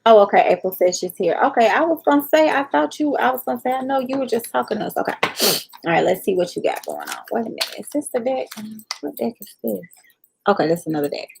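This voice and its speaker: A woman's voice: a little high, animated, fast, creaky, heavy background noise. A woman hosting a live tarot reading, chatting casually and speaking straight to viewers by name.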